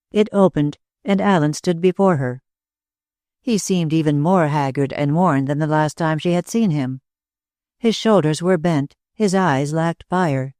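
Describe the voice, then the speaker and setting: Audiobook narrator, measured, mid pitch, dry close recording. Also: a little mellow, no echo.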